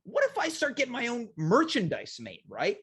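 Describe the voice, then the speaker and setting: A man's voice: very high-pitched, huge pitch swings, moderate pace, fairly bright tone, breathy edge. A man hosting a comedic talk show, playful and self-mocking. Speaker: host.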